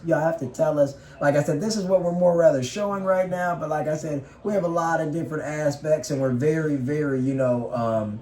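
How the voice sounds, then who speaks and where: A man's voice: a little high, a little mellow. A man co-hosting a home snack vlog, chatting casually and rambling, often repeating "like I said". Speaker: vlogger co-host. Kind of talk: casual chat while eating. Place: home, indoors. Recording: echoey room.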